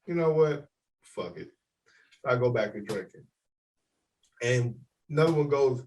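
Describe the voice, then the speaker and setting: A man's voice: mid-range voice, animated, measured pace, long pauses, a little mellow, far from the mic, low-quality recording. A man co-hosting a podcast, telling a story casually and animatedly, swearing and acting out the voices of others. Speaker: podcast co-host.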